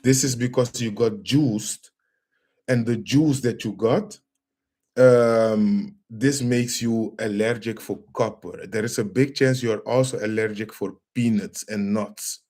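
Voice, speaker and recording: A man hosting a live stream, talking calmly and repeating himself as he addresses viewers as family. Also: lowish voice, measured pace. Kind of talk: casual live stream demonstration.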